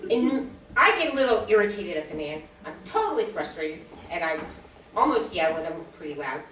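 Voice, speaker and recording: On a small comedy stage, this sixty-something comic speaks in a lowish, sing-song, fairly bright voice at a moderate pace. She spins stories, performs the dialogue, and cracks herself up, recorded from a distance with a roomy sound and a little hiss or hum.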